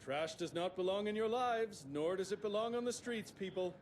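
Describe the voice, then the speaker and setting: A man's voice: high-pitched, moderate pace, a little hiss or hum, lightly acted. An actor playing a self-important male street cleaner in a video game who lectures in a grandiose, preachy way. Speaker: game character.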